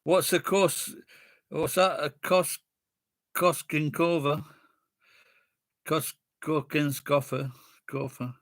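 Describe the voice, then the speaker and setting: Middle-aged Sheffield man, blunt and foul-mouthed in loose chat, fairly high voice. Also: slow pace, pauses often, no echo, clean studio sound. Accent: Sheffield English. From Sheffield, England. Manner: sweary, rambling, blunt. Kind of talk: casual chat with friends.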